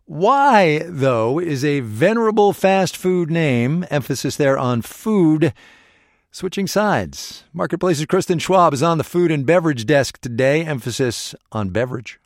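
A man's voice: fairly high pitch, lively intonation, measured pace, no room sound, clean studio sound. A man hosting a radio news program, reading scripted lines with wry, playful asides.

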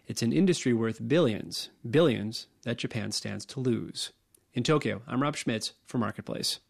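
Male field reporter, gravelly scripted read. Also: mid-range voice, moderate pace, slight background noise.

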